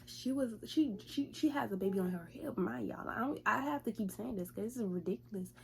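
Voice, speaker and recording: A young woman vlogger in casual storytime, retelling events in a profane, chatty, lively way. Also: fairly high pitch, a little fast, gravelly, slight background noise.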